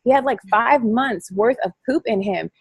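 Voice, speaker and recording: A woman giving a chatty, excitable motivational talk to her coaching team over a call, rambling and quick to laugh. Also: a little high, breathy edge, dry recording. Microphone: phone or call line.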